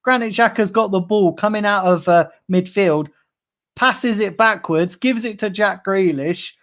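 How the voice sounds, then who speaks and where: Brief: young bloke, fan-channel host, livestream rant, fuming, heavy swearing, biting sarcasm. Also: male voice, high voice, measured pace, fairly bright tone. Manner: angry, sweary, sarcastic ranting. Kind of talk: live-streamed fan rant.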